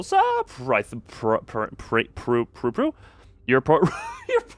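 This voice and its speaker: A young man streams a video game and chats loosely with his audience. He rambles and jokes at his own expense. His voice sits at an average pitch with a dry, close sound. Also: wildly swooping pitch, takes it slowly, dry recording. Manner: rambling, self-mocking, jokey, often breaks off into laughs. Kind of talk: casual live-stream chat.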